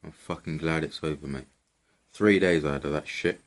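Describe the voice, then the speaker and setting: Brief: young man, low voice, vlog rant, sweary and rambling, exasperated. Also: steady tone, normal speed. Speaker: vlogger. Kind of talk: casual rant to camera.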